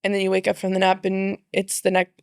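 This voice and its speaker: A woman chatting casually as a podcast guest, playful and animated, acting out her own inner voice. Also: medium pitch, quick pace, vocal fry, smooth, no echo, studio quality. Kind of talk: casual chat.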